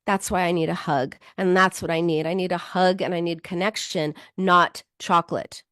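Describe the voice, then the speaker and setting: A middle-aged woman gives self-help advice in an animated, chatty way, her voice leaping up and down as she acts out harsh inner voices. It sounds dry and close, with no room echo. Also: on the low side, moderate pace. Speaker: psychologist and show host. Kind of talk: self-help talk to viewers.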